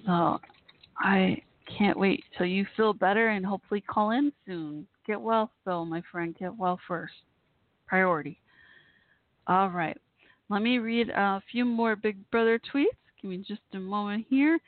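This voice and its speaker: A woman's voice: mid-range voice, unhurried, no echo. Chatty woman on a tinny line. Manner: chatty and rambling, frequent fillers and restarts. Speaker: call-in show host. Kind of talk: casual live chat show. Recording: tinny phone-line sound, dry.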